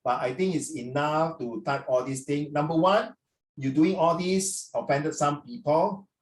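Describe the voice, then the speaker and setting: A man's voice: fairly high pitch, unhurried. A middle-aged man, teaching an online class in a playful, teasing way. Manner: playful, teasing, peppers questions with "ah". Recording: roomy sound, distant mic.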